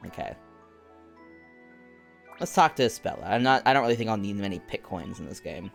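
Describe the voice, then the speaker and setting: A man's voice: medium pitch, fairly quick, vocal fry, fairly bright tone, faint music behind. A young man streaming a game, chatting casually and rambling with lots of fillers.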